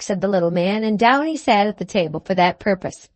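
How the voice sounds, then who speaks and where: A woman narrating an audiobook of a classic novel in measured storytelling tone, close to the mic. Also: on the low side, a little mellow, dry recording. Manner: measured storytelling, voices each character. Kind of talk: scripted narration.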